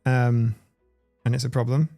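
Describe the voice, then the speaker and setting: Gravelly man rambling on a livestream. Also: mid-range voice, little pitch movement, unhurried, dark tone, faint music behind. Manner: rambling, swears freely, reads chat aloud. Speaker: livestream host. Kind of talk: casual livestream chat.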